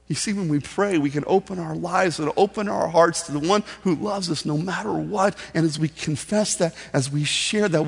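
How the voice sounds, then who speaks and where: Husky-voiced man preaching in a hall. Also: fairly high pitch. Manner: earnest, conversational preaching with acted prayers. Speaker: pastor. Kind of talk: sermon. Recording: long hall reverb.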